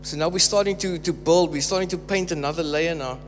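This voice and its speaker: A male preacher with a high voice delivers a sermon, pressing his points home by saying them twice. His words ring through a hall with a long reverb, and a faint hum sits under the recording. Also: a little fast. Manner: emphatic, repeats phrases for stress.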